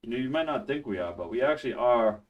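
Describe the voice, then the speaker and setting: A man's voice: medium pitch, expressive, fast talker, recorded from a distance, phone-quality sound. A man hosting a casual study stream from home, chatty and loose, laughing and restarting his sentences as he talks. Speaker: streamer teaching a networking course.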